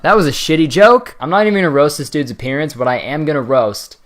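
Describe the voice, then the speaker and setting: A man's voice: on the high side, quick pace, soft background music. Young man rambling through comedic roasts. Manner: rambling, swearing, frequent laughs and voice jumps. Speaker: commentary host. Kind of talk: casual comedic roast commentary.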